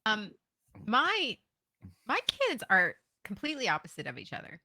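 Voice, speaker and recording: A woman's voice: mid-range voice, huge pitch swings, normal speed, pushed and bright. Giggly, chatty woman in her thirties. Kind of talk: casual chat.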